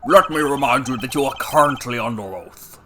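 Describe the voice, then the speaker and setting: A man's voice: medium pitch, a little fast, background noise, lightly acted. A man voicing a formal judge presiding in a game courtroom. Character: elderly male judge.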